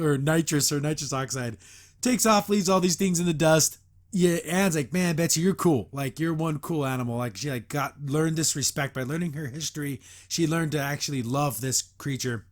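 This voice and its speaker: Male host, somewhat high-pitched, rambling casual recap, filler-heavy, laughs often. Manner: chuckles often while recapping. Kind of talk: casual episode review.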